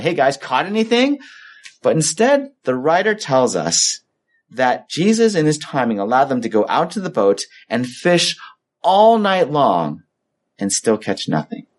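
A man preaching a sermon as a pastor, telling the story in a conversational way and acting out the voices of the people in it. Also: mid-range voice.

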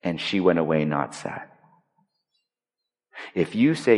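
A male pastor giving a conversational, emphatic sermon, swinging between loud stressed lines and hushed quiet points. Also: sits low, slow pace, long pauses. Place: large hall. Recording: long reverb of a large hall.

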